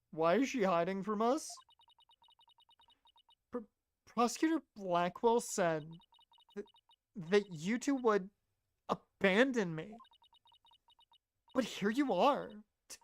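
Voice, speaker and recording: A woman's voice: mid-range voice, animated, takes it slowly, pauses often, no echo. Woman voicing a stammering, timid young woman. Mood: anxious.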